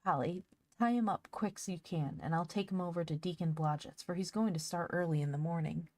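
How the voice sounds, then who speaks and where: A woman's voice: lowish voice, fairly quick, a little mellow, no room sound, lightly acted. Brief: practical young boy, read by a woman, matter-of-fact, dry audiobook. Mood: plain. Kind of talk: audiobook character voice.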